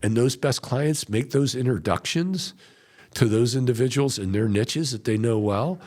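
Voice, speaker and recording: A middle-aged veteran wholesaler speaks in a mid-range voice at a moderate pace. His conversational coaching comes through animated storytelling, with client quotes acted out as he goes.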